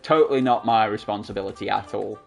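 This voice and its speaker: A man's voice: fairly low pitch, fast talker, creaky, faint music behind. A man hosting a game playthrough who talks casually, joking at his own expense, into a desktop microphone. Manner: chatty, self-mocking. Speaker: gaming channel host. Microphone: desktop USB microphone.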